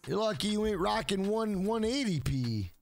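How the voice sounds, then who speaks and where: High-voiced, profane streamer man. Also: lively intonation, normal speed, creaky, faint music behind. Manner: profane, rambling storyteller. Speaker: game streamer. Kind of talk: casual live-stream chat.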